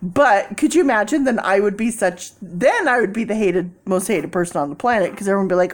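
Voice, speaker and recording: A woman vlogging in a casual, animated storytelling way, acting out people in quoted voices and laughing often. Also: mid-range voice, brisk, few pauses.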